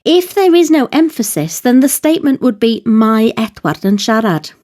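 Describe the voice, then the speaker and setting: A woman reading a scripted Welsh grammar lesson in a slow, careful, measured way. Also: fairly high pitch, sing-song, a little mellow. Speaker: language teacher.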